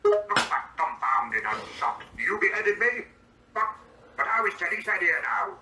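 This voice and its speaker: A man's voice: high voice, sing-song, measured pace. A synthetic male voice playing an indignant, easily baffled grown man, reading out his own stage directions before each line. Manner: synthetic, evenly paced delivery. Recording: echoey and distant, faint background hiss.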